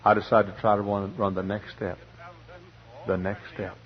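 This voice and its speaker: A man in his forties preaching a sermon dramatically, swinging between loud bursts and hushed words. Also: on the low side, level tone, moderate pace. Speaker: pastor. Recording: muffled archival radio recording.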